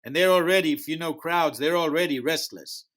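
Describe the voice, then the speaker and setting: A man whose first language is not English tells a story in a podcast interview. He acts out the dialogue as he goes, and his voice sits on the higher side. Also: brisk. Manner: animated storyteller acting out dialogue. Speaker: music festival founder, guest.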